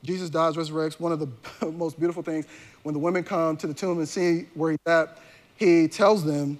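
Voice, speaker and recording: A male pastor delivering a sermon in a relaxed, conversational style, with slangy turns of phrase. His voice sits high for a man, and he often restarts his sentences mid-thought. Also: moderate pace.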